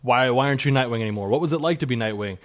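A man's voice: mid-range voice, rapid-fire. A man chatting casually about comics, passionate and profane, acting out his exasperated reactions.

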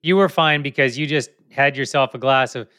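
A man's voice: medium pitch, normal speed, pushed and bright. A man hosting a podcast, asking his guest questions in a friendly, joking way. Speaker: podcast host. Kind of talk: interview questions.

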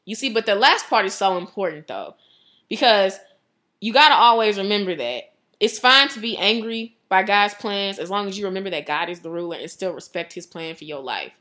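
A woman giving a casual devotional talk, chatty and animated, laughing often and saying "like" a lot. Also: medium pitch, brisk. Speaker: devotional speaker.

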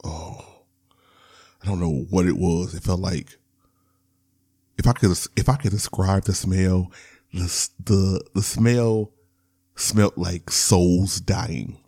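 A man's voice: low-pitched, steady tone, takes it slowly, pauses often, warm tone, slightly rough. A man hosting a podcast, telling a personal story in a candid, rambling way. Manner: candid, rambling, with laughs and restarts. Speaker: podcast host.

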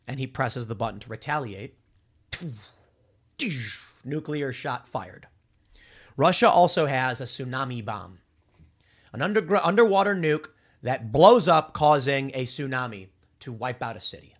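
A man hosting a political commentary show, talking in an animated, rambling monologue with many restarts. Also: medium pitch, measured pace.

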